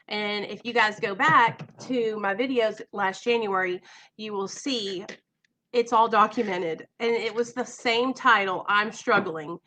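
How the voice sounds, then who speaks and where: A woman's voice: medium pitch, sharp tone. A young woman, chatting casually and emotionally on a home live stream, nervous and rambling. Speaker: vlogger.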